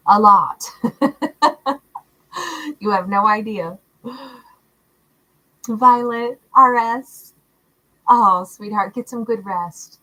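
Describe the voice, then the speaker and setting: A woman hosting a livestream, greeting viewers by name in a warm, affectionate, chatty way and laughing often. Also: a little high, poor audio. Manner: warm, affectionate, calls viewers love and honey. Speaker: tarot livestream host. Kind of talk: casual livestream chat reading out viewer comments.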